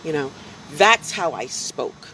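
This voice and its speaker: A woman's voice: low voice, slow pace, a little hiss or hum, poor audio. Chatty woman telling stories on a live stream. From United States. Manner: chatty, animated storytelling, many fillers. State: slightly drowsy with allergies. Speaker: animal welfare advocate streaming live to followers. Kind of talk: casual live-stream talk.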